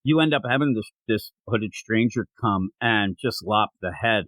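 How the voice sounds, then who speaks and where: A man's voice: fairly low pitch, normal speed, no echo, rough recording. A man co-hosting a comic book podcast, chatting casually and joking with lots of laughter. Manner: animated, jokey, laughs often. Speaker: podcast co-host. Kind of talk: casual comic review chat.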